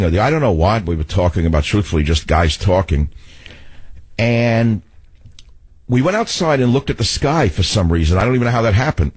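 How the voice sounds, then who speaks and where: A man's voice: deep voice, darkish tone, slightly rough, dry recording. An older man hosting a radio talk show, telling rambling stories in a sardonic tone.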